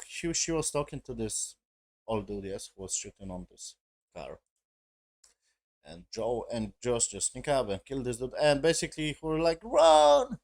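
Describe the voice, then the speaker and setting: Man, casual review, rambling, heavy swearing, broken grammar, mid pitch. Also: darkish tone. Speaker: show reviewer.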